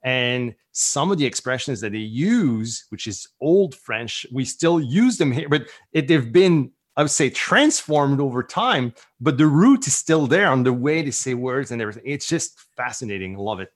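A man's voice: medium pitch, expressive, normal speed, hardly any pauses. A middle-aged man, a guest entrepreneur, talking enthusiastically in a rambling, casual way. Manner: enthusiastic, rambling with many "like" fillers. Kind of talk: casual conversational interview.

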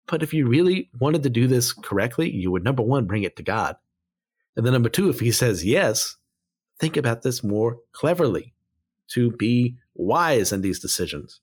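A man's voice: medium pitch, very animated, normal speed, darkish tone, husky. A man giving casual Bible commentary, blunt and opinionated, who drifts off on tangents and pulls himself back. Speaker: Bible study teacher.

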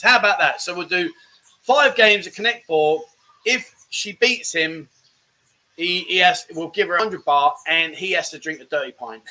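A man's voice: high-pitched, bright, forceful tone. A middle-aged British man hosting a casual live-stream chat show, reading viewer comments in a jokey, rambling way and calling people mate.

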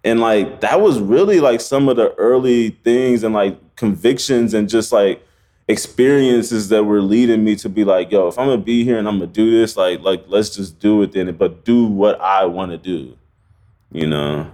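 A man with a somewhat low voice, a photographer guesting on a podcast. He tells his story in loose street slang, full of fillers and restarts, and acts out the scenes with animation. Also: normal speed, mellow. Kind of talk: casual storytelling interview.

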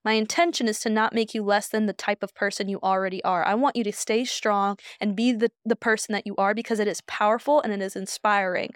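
A soft-spoken woman co-hosting a podcast, talking in a calm, reflective way. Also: mid-range voice, a little fast, few pauses, clean tone, dry recording, clean studio sound. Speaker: podcast co-host. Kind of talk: casual chat.

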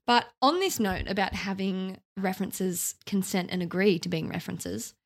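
Young woman, podcast co-host, mid-pitched, chatty and casually profane storyteller. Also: moderate pace, gravelly. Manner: chatty, swears casually, laughs through the telling.

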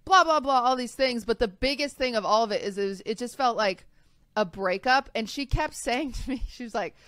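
A woman's voice: fairly high pitch, moderate pace, a bit bright, no room sound. A young woman co-hosting a podcast, telling a personal story in a rambling, casual way with lots of fillers. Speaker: podcast co-host. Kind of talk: casual chat.

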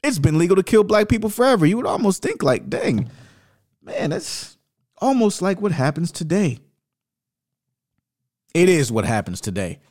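Animated, sarcastic man reading aloud. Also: high voice, normal speed, long pauses, no room sound, studio quality. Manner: emphatic and sarcastic, with rising indignation. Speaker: video host reading from a book.

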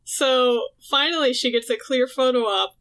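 A woman's voice: high-pitched, normal speed. A woman in casual chat, recapping a comic and acting out the characters' lines. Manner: animated storytelling, acting out characters' lines with laughs. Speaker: podcast co-host recapping a comic.

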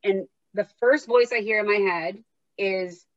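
A chatty woman hosting a conversation, acting out the voices in her head as she tells her story. Her voice sits at a middle pitch and sounds close and dry, with a slightly dull, muffled tone. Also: measured pace, dry recording. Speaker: podcast host. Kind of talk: casual conversation.

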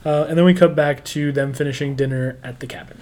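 A man with a slightly high voice chats casually with his co-host, recapping a TV episode. He laughs often and fills his talk with likes and ums. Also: fairly even intonation, quick pace, darkish tone. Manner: chatty, laughs often, many fillers. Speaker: podcast co-host.

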